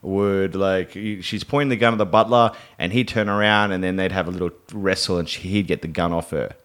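Male co-host, relaxed chatty recap, quick to laugh and do silly voices. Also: low voice. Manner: jokey, laughs often, slips into silly voices. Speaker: podcast co-host. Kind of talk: casual chat recapping a series.

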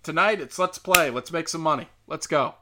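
A man's voice: a little high, moderate pace, background noise. A man delivering a heated, profane, sarcastic monologue straight to his listeners, mocking and scolding them. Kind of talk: ranting monologue.

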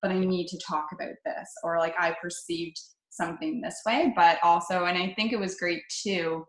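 A woman's voice: on the low side, steady tone, moderate pace, reverberant, low-quality recording. A woman talking in an upbeat, chatty way, full of "like" fillers. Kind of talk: casual conversation.

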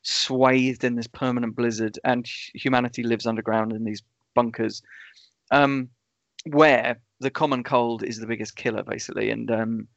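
A man co-hosting a casual film podcast, relaxed and hesitant, with many ums. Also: mid-range voice, normal speed, gravelly, no room sound. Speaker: podcast co-host. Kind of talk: casual film review chat. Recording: dull lo-fi dry sound.

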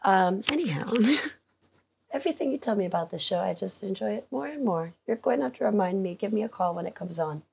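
A woman's voice: medium pitch, lively intonation, fairly quick, vocal fry, darkish tone, slight background noise. A woman player in a casual tabletop role-play, joking and giggling as she plays a cheeky ancient old lady. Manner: playful, giggly, jokey.

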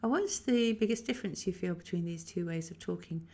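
Husky gravelly woman teaching voice. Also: fairly low pitch, brisk. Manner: calm, instructive, demonstrates sounds. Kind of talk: guided voice exercise.

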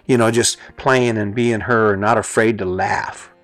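A man's voice: on the low side, fairly even intonation, unhurried, a bit bright, no echo, soft background music. A middle-aged man giving a motivational talk as host, earnest and conversational, repeating phrases for emphasis.

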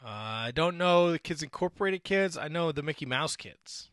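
A man's voice: on the high side, animated, normal speed, a bit bright, no room sound, studio quality. A man co-hosting a casual podcast, laid-back and wry. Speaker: podcast co-host. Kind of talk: casual wrestling chat.

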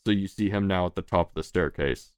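A man running a tabletop game, his voice low and resonant. He narrates loosely and casually, full of "like" and "uh." He is recorded close and dry on a podcast mic. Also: a little fast, clear, resonant tone, dry recording. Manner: casual, rambling, many fillers. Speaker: game master.

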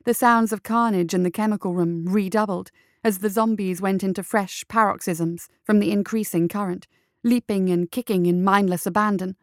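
A woman narrating an audiobook at a steady, measured storytelling pace. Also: mid-range voice, no echo, clean studio sound. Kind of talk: scripted narration.

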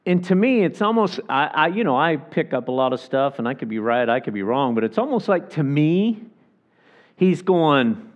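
A man preaching a sermon as pastor, acting out the people he quotes in lively asides. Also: fairly high pitch, normal speed, highs cut off. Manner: animated, acts out the people he quotes.

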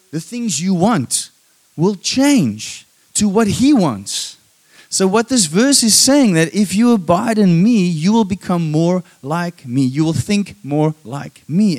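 A man preaching a sermon, emphatic and calling for amens, moving between loud stressed lines and soft hushed passages. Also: sits high. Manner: emphatic, calls for "Amen?" from the congregation.

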